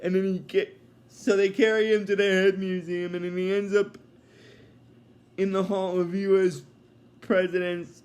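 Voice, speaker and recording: A man retells a cartoon episode at a slow, meandering pace, full of fillers. His voice sits high for a man and stays casual throughout. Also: level tone, a little mellow. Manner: rambling, many fillers, chuckling asides. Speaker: episode reviewer.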